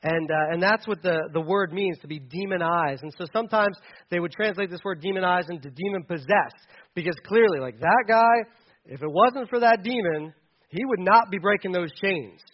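A man preaching in a loose, conversational way, often stumbling and restarting as he explains. His voice sits fairly high for a man. The sound is dull and lo-fi. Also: moderate pace. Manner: casual, chatty, with many restarts and fillers. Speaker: pastor. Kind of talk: conversational sermon.

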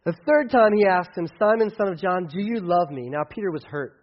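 A male pastor giving a casual, conversational sermon that acts out dialogue with big swings in loudness. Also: high-pitched, animated, fairly quick, dull audio.

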